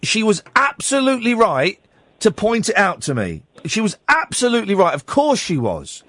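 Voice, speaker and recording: A man's voice: high voice, wildly swooping pitch, moderate pace, a bit bright, no room sound. A male radio host, telling a story on a call-in show and acting out both sides of an argument. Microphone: studio mic.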